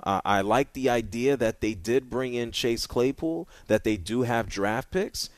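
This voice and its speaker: A man hosting a sports talk radio show, chatting casually and restarting his phrases with quick repeats. His voice sits at a mid pitch and is captured very dry at a studio microphone, with no room sound. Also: no room sound. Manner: conversational, stammers and repeats words.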